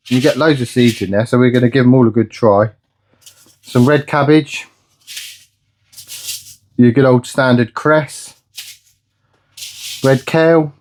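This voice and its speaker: A man's voice: mid-range voice, slight background noise. A man chatting casually in a home vlog, rambling and tripping over words. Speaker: vlogger. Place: indoors at home.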